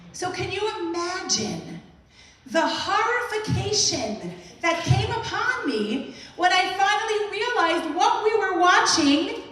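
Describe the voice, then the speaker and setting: High-voiced woman speaking in an echoey hall. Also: recorded from a distance, slight background noise. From Brooklyn, US. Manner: animated storytelling, acting out her own reactions; asks the audience questions. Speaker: inspirational speaker. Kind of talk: motivational talk to an audience. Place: large hall at a museum event.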